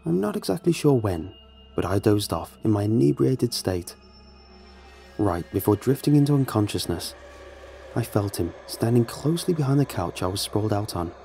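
A man narrating a first-person horror story in a measured, somber way. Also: on the low side, vocal fry, warm tone.

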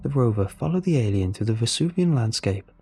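A man narrating a first-person science fiction story in a steady, even manner. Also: mid-range voice, a little fast, slight background noise. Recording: faint music underneath.

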